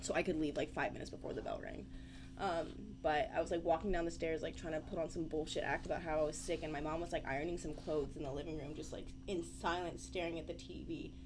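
A woman's voice: sits low, steady tone, quick pace, background noise. A young adult woman telling stories in a casual podcast chat. She rambles, swears, and fills her talk with "like". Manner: rambling, profane, filler-heavy storytelling.

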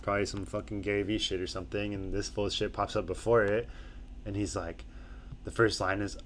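This young man co-hosts a podcast in a lowish, flat voice at a fairly quick clip, with slight background noise. He's loose, profane, and rambling, and he mimics people he quotes with loud, mocking voices.

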